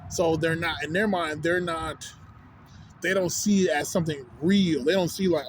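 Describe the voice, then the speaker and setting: Texan man, slightly high voice, rambling profane rant, outdoors by a street, faint background noise. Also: fairly even intonation, normal speed. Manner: rambling, profane, keeps asking "you know what I'm saying". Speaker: vlogger. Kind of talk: casual rant.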